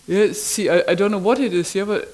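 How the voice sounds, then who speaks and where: A woman's voice: mid-range voice, a little mellow, rough recording. Woman recounting, peppered with "yeah?". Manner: halting, frequently adds a questioning "yeah?"; wondering, marvelling delivery. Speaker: community member sharing an experience. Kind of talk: personal recollection in conversation.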